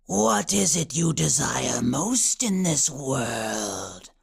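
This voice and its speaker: A man voicing an ancient female chaos witch trapped in a cup, who shrieks and then speaks in a slow, scraping whisper. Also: mid-range voice, big pitch swings, gravelly, breathy edge, pitched below the performer's own voice, heavily acted. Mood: slow eerie.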